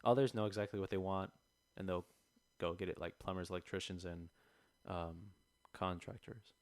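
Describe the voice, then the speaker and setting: A man's voice: low voice, normal speed, dry recording. A young man chatting casually on a podcast, telling a story and acting out the customers in it. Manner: animated storytelling, acts out customers. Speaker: podcast co-host. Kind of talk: casual chat. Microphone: close podcast mic.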